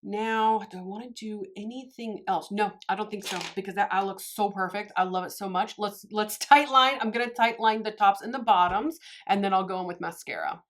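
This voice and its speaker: A woman's voice: mid-range voice, a little fast, hardly any pauses. A woman chatting her way through a makeup tutorial, gushing and talking straight to her viewers. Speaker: beauty vlogger. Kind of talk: casual makeup tutorial chat.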